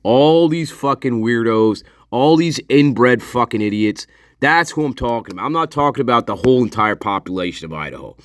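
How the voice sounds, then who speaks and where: A man's voice: medium pitch, lively intonation, moderate pace, dry recording, clean studio sound. A man giving sarcastic, profane casual commentary over video footage, laughing often. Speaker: online commentator.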